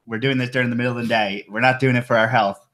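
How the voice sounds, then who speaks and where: A man's voice: mid-range voice, fairly even intonation, rapid-fire, fairly bright tone. A man hosting a reptile podcast in easygoing, casual chat. He jokes along and laughs often, keeping the talk loose. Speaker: podcast host.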